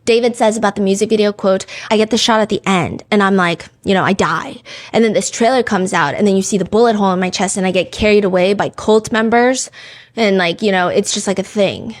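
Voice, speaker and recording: A woman's voice: mid-range voice, fairly quick. A woman hosting a podcast, telling a true-crime story in a casual, chatty way, full of "like" and "you know.". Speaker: podcast host.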